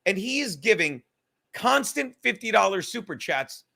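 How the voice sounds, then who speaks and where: A young man hosting a livestream, talking in a profane, rambling, animated way. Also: high-pitched, moderate pace, vocal fry. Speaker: livestream host. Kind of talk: casual livestream rant.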